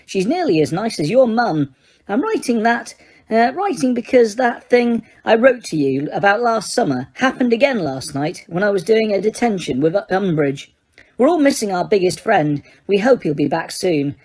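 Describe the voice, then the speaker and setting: A woman's voice: medium pitch, very animated, moderate pace, a little mellow. A woman voicing a teenage boy wizard in an audiobook, speaking in a plain, earnest way. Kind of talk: audiobook character reading.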